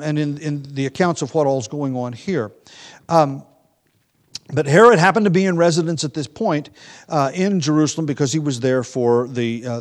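Relaxed, conversational male Bible teacher. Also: a little high. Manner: relaxed and conversational, with frequent ums and restarts. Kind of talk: Bible study lecture.

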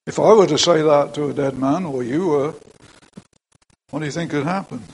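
A man's voice: fairly high pitch, moderate pace, breathy edge, poor audio. An older man preaching a sermon in a church, talking plainly to the congregation with frequent asides.

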